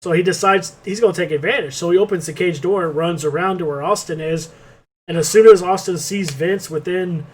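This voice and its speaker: This man's voice is high-pitched and brisk as he co-hosts a podcast. In casual chat, he gives a rambling play-by-play recap and swears freely.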